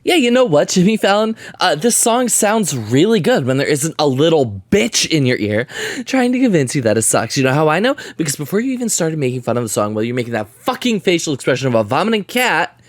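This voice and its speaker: A man's voice: a little high, big pitch swings, fast, no room sound. Sarcastic male video essay narrator. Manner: sarcastic, ranting, swearing.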